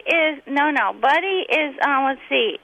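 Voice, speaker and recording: A woman's voice: sits high, expressive, unhurried, sharp tone, dry recording, poor audio. A middle-aged woman, a comedian guest, telling rambling, giggly anecdotes in casual chat.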